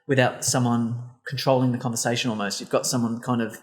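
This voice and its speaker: A man's voice: medium pitch, flat delivery, fast talker. A man hosting a casual podcast, thinking aloud in rambling sentences. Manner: thoughtful, rambling with restarts. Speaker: podcast host.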